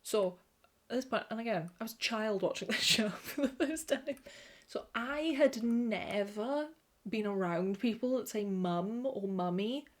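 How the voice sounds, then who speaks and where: A young Welsh woman chatting to camera, animated, swearing and laughing often. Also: on the high side, unhurried. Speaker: vlogger. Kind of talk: casual chat to camera.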